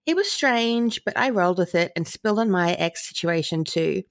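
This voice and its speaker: A woman's voice: on the low side, animated, normal speed, dry recording, studio quality. A woman co-hosting a chatty podcast, reading stories aloud in an amused manner and laughing often.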